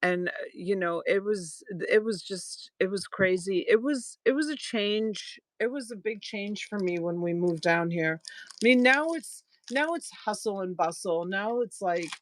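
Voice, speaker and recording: A woman's voice: medium pitch, animated, no room sound. A middle-aged woman from Boston, hosting a live sale and telling rambling stories with frequent laughs. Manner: rambling storyteller, laughs often, quick asides. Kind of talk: casual live-stream sales chat.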